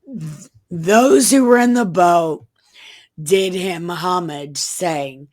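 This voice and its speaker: Lady reading the bible w crude jokes, low slow voice. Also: no room sound. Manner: deadpan reading with crude joking asides. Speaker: comedic scripture reader. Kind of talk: irreverent comedic Bible reading.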